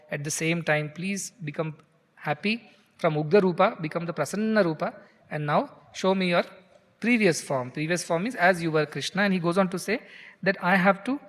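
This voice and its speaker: A man's voice: sits high, fairly bright tone. A man with an Indian English accent giving a scripture discourse, chanting Sanskrit verses and explaining them in English, sometimes pleading in a character's voice. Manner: speaks in Arjuna's pleading voice at times. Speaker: spiritual teacher. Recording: long hall reverb.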